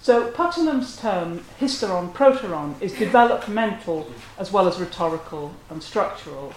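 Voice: medium pitch, animated, moderate pace. A lecturer giving an academic talk in a scholarly, analytical manner. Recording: roomy echo.

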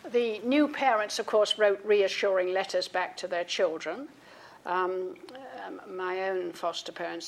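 Older lady reading bits of her book at a talk, gravelly voice, lots of ums. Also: medium pitch, fairly even intonation, a little slow. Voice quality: frequent ums and restarts between readings. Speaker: author giving a talk.

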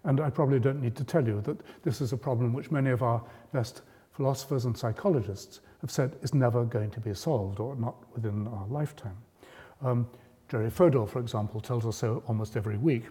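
A man delivers a public lecture in a measured, explanatory manner, pushing up his voice when he stresses a point. His voice is warm and mellow. The sound carries the long reverb of a lecture hall. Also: medium pitch. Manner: measured, explanatory, rising emphasis on key points.

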